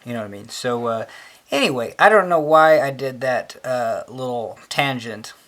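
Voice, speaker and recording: Guy tutoring a logic puzzle, rambly, lots of ums and "you know what i mean", mid-pitched voice. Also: expressive, moderate pace, a bit bright. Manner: chatty, filler-heavy, says "hell yeah" a lot. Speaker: math tutor. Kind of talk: rambling casual explainer.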